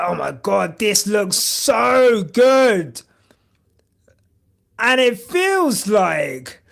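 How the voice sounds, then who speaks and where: Podcast guy losing it live, shouty, swears, really high voice, slow drawn-out delivery. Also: vocal fry. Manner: excitable, shouty, swears a lot. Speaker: podcast host. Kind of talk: live reaction commentary.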